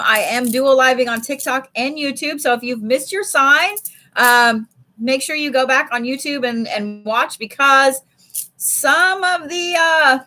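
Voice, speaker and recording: A woman's voice: high-pitched, bright, forceful tone. A woman giving a casual live card reading from home, chatty and swearing freely. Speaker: live tarot reader. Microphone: streaming setup.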